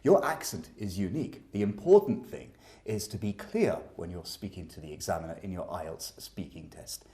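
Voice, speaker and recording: A man's voice: low voice, expressive, moderate pace, warm tone. A man teaching an exam speaking lesson, explaining points with emphatic stress.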